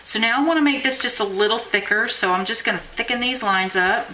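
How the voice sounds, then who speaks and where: A woman's voice: on the high side, brisk, bright, forceful tone, slight background noise, poor audio. A woman teaching chalk lettering on a live stream, chatting and encouraging as she works. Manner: chatty, encouraging, talks while working. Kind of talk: live-stream drawing tutorial.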